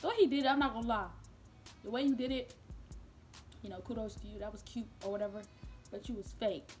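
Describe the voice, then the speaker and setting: A young adult woman vlogger telling a casual storytime, chatty and animated, with lots of fillers and easy laughs. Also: on the high side, quick pace. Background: faint background music.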